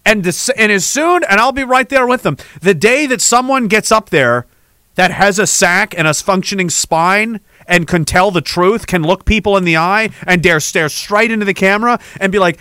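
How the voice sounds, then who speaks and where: A man's voice: high-pitched, moderate pace, pushed and bright, smooth, dry recording. A man hosting a podcast, ranting in an angry, profane, sarcastic way. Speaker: podcast host.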